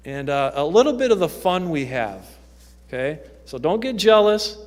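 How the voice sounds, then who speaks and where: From the pulpit of an echoey church sanctuary, a youth ministry worker tells stories in a relaxed, conversational testimony filled with ums. His voice is a little high, swings widely in pitch, and moves at normal speed.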